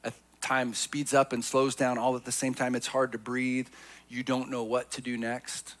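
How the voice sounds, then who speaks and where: A man preaching a sermon as pastor, telling a personal story in an earnest voice that swings from hushed to emphatic. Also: mid-range voice, monotone, normal speed.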